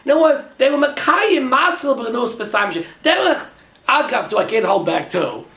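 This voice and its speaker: Excited Yeshivish teacher in an echoey room. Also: male voice, extremely high pitch, brisk, gravelly. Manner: excited, thinking aloud, Yeshivish English full of Hebrew terms. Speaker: Torah teacher. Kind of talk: Talmudic lecture to a small class.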